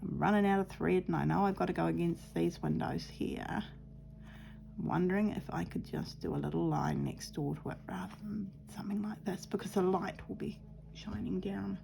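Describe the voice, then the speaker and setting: Woman, middle-aged, gravelly creaky voice, chatty crafting vlog, cheerful and laughing, sewing at home. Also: fairly low pitch, moderate pace, dark tone, slight background noise. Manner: cheerful, laughs often, muses aloud. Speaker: craft vlogger. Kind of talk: chatty storytelling while sewing.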